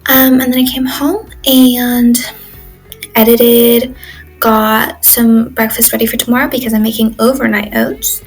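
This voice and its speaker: A woman's voice: on the high side, level tone, measured pace, slightly rough, faint music behind, poor audio. A teenage girl on a study exchange rambling through her day in a casual video diary, full of fillers and asides. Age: teens. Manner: chatty, rambling, lots of "like" and "um". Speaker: exchange student vlogger.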